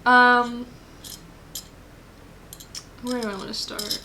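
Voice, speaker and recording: A woman's voice: on the high side, little pitch movement, extremely slow, very noisy. A woman giving a casual pick-a-card tarot reading, rambling and thinking aloud with lots of fillers. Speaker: tarot reader.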